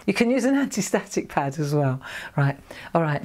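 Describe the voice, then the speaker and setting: A woman's voice: deep voice, big pitch swings, moderate pace, darkish tone, slight background noise. A woman hosting a live craft demonstration, chatty and jokey, talking straight to viewers as she works. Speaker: craft shop host demonstrating stamping.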